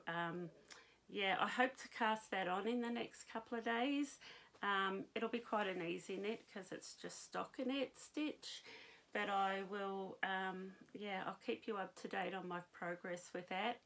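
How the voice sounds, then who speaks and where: A woman's voice: mid-range voice, creaky, a bit bright. A woman with a New Zealand accent hosting a knitting podcast, chatting casually to camera with many ums and restarts.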